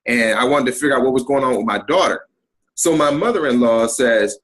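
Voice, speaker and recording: A middle-aged man, a guest on an interview podcast, telling a personal story in an animated way and acting out the people in it. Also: mid-range voice, fairly quick, low-quality recording.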